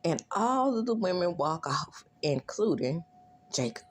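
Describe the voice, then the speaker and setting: A woman talks through a TV episode recap in a chatty, animated way, laughing often. Her voice sits a bit low but swings widely in pitch. She jumps into high squeals whenever she quotes the characters. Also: measured pace, a little hiss or hum. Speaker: recap vlogger.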